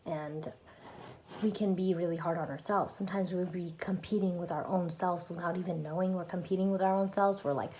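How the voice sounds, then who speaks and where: A woman's voice: fairly low pitch, a little mellow, slight background noise. A woman giving a casual, earnest self-help talk to her channel's viewers, chatty and full of fillers. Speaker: YouTuber.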